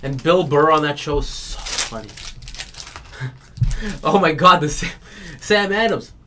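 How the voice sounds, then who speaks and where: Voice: medium pitch, expressive, measured pace, noisy background. A card break host in casual chat, rambling through stories and laughing, then rattling off player names while opening packs.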